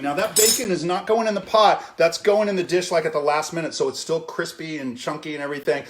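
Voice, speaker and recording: A chatty male chef with a fairly high voice walks viewers through a recipe, tagging his sentences with "okay?". The sound is roomy, with a faint hiss behind him. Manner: chatty, says "okay?" often, greets viewers by name. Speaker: chef hosting a cooking stream. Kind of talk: casual live cooking demo. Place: home kitchen.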